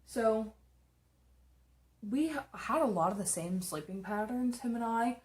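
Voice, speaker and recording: A woman's voice: on the high side, animated, a little slow. A young woman casually telling stories while doing her makeup, chatty and rambling, swearing freely. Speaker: makeup streamer.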